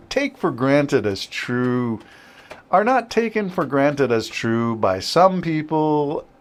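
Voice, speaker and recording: A man hosting a podcast from a home studio, in rambling casual chat, laughing often. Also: medium pitch. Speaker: podcast host.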